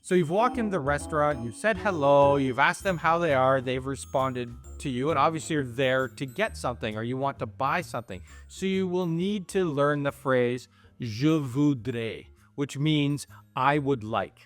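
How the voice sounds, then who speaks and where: A man's voice: mid-range voice, moderate pace, faint music behind. A middle-aged man from Canada, explaining travel phrases in an easygoing, casual chat. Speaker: travel vlogger.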